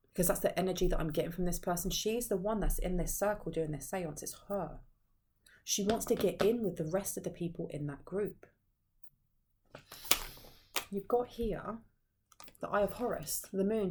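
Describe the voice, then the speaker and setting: Low-voiced woman giving a rambling tarot reading. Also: mellow, a little hiss or hum. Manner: rambling, conversational, frequent restarts. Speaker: tarot reader. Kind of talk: casual tarot reading to camera.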